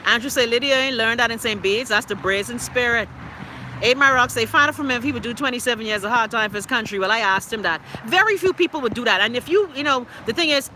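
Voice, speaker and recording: Sharp-voiced woman chatting live outdoors. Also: on the high side, slight background noise, poor audio. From Bahamas. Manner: animated, teasing banter with viewers, reads comments aloud. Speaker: livestream host reading viewer comments. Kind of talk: casual live chat. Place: outdoors in a city street.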